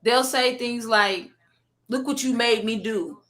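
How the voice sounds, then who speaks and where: A woman speaking a little higher than most, with a bright, forceful tone. She comments on clips in a sarcastic, incredulous way and hammers her points home by repeating them. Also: takes it slowly. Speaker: commentary YouTuber.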